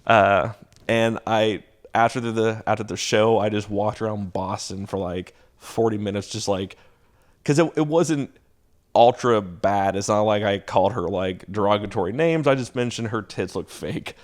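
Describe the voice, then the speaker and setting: A stand-up comedian from Texas, appearing as a guest, swaps stories in a casual chat. His voice sits on the low side at a moderate pace, and he's animated, laughing as he goes and acting out the voices he quotes.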